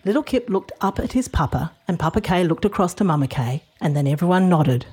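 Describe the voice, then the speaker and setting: A woman narrating a children's storybook in a gentle, expressive reading voice. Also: on the low side, brisk, breathy edge.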